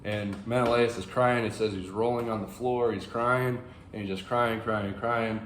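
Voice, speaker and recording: A man with a low voice rambles through a casual, animated breakdown of an ancient epic. He stumbles and fills gaps with ums, recorded in a roomy space with faint ambience behind him. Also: normal speed, a little hiss or hum. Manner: rambling, animated, frequent fillers. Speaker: book channel host. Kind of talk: casual classics commentary to camera.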